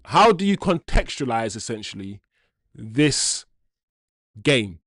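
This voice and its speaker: A man's voice: mid-range voice, sing-song, takes it slowly, a bit bright, no echo, studio quality. A young man hosting a live football watchalong, chatting casually with slang and reading out viewers' comments. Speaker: host.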